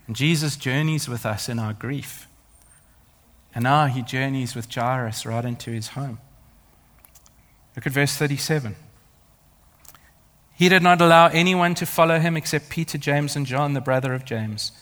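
A pastor delivers a sermon in a fairly high voice for a man. He builds emphatic, repeating phrases. A long hall reverb rings behind every line. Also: normal speed, a bit bright. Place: church.

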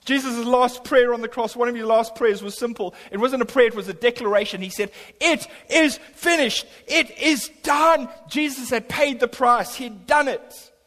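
A man's voice: very high-pitched, brisk, fairly bright tone. A middle-aged man preaching a sermon as pastor, his voice swelling on key lines. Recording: long hall reverb.

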